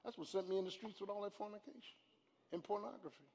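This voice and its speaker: An older man, a pastor, preaching a live sermon, dropping to hushed storytelling and then rising to loud shouts. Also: high voice, fairly even intonation, fast talker. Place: church sanctuary. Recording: live church hall with long reverb.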